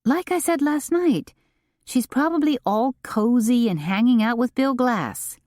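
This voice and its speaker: A woman reading an audiobook and voicing a calm, gracious tea shop owner who soothes a friend. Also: a little high, unhurried, dry recording, studio quality, pitched above the performer's own voice. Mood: calm reassuring.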